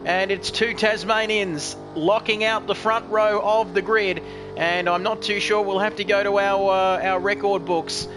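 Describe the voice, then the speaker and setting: A man's voice: high-pitched, flat delivery, a little slow, music in the background. A man commentating an online sim race, jokey and rambling, poking fun at himself. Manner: jokey, rambling, self-mocking. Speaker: lead commentator.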